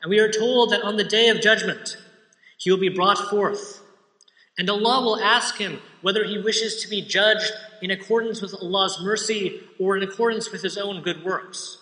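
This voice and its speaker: Man, preacher, high bright voice, measured earnest storytelling, roomy hall with long reverb. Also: steady tone. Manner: measured, earnest retelling of a religious parable. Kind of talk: sermon storytelling.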